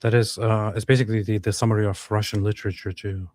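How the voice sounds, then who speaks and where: A man's voice: on the low side, level tone, fast, a little mellow, no room sound, studio quality. A man co-hosting a livestream in casual chat, reading viewers' comments aloud.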